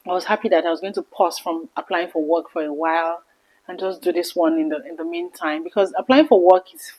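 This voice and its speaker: A woman's voice: fairly low pitch, breathy edge, rough recording. Earnest, emotional woman vlogger. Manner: earnest and emotional, voice dropping soft at times. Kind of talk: personal storytelling vlog.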